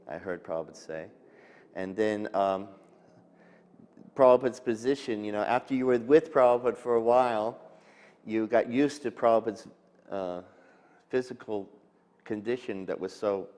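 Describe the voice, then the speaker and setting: An older man telling memories of his teacher in a halting, reminiscing way, with pauses and restarts. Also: on the low side, a little mellow. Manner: halting, with fillers and restarts, quotes others in lifted voice. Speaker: disciple recounting memories. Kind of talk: reminiscing, storytelling interview. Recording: long hall reverb.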